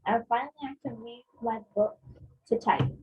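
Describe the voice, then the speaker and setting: A woman reads a children's picture book aloud, acting out the sound effects. Her voice is breathy and fairly high. The recording is dull and lo-fi. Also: fairly even intonation, normal speed, a little mellow. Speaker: book club reader.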